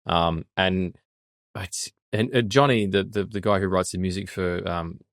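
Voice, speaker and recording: A man guesting on a podcast, talking casually about a film in a rambling, halting way with swearing. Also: deep voice, dry recording, studio quality. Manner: rambling, hesitant, frequent fillers and restarts, swears. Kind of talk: casual film review chat.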